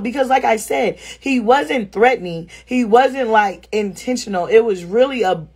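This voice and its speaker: A woman's voice: on the high side, normal speed, few pauses, husky. A woman telling a story on a live stream from home over her phone, talking bluntly with lots of swearing. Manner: blunt, animated, swears freely. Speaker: vlogger. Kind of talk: casual live storytelling to viewers.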